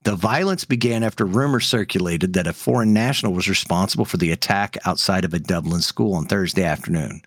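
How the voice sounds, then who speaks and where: A man's voice: deep voice, brisk, hardly any pauses, husky, dry recording. Man, casual podcast chat, heated and opinionated, filler-heavy, dry close mic. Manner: heated ranting with frequent fillers. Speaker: podcast co-host.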